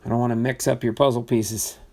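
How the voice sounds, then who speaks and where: A man hosting a live card-breaking stream, reading out names in a chatty way with sudden excited bursts. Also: medium pitch, brisk, slight background noise. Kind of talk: live box-break commentary.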